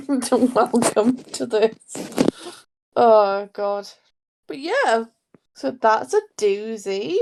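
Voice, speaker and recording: A woman from Newcastle with a Geordie accent, co-hosting a podcast in casual, expressive chat. Her throat is sore, and she laughs easily. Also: on the high side, noisy background. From Newcastle, England. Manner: chatty, expressive, quick to laugh. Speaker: podcast co-host.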